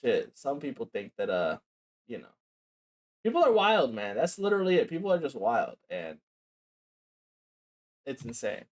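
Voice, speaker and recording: Male reaction streamer, casual and profane, mid-pitched voice, offhand and frank. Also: huge pitch swings, moderate pace, long pauses, darkish tone. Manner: casual, profane, says bro and like a lot.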